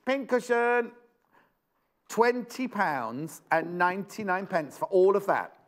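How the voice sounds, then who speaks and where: A man's voice: high voice, lively intonation, slow pace. A British man presenting a live TV shopping show, chatty and exclamatory, repeating prices and phrases. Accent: British English.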